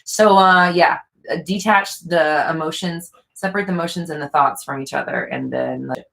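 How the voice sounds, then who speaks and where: A woman answering viewer questions as a coach, with a slightly lower voice. She talks casually and earnestly, repeating phrases and thinking aloud with fillers. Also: moderate pace, creaky, fairly bright tone. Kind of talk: casual advice talk.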